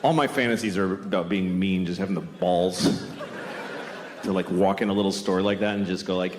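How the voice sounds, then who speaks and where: Speaking at a normal speed in a low-pitched voice, this middle-aged comedian delivers a blunt, crude set full of self-mockery. He animatedly acts out scenes in put-on voices on a big theater stage before a live crowd, the echoey hall carrying audience noise.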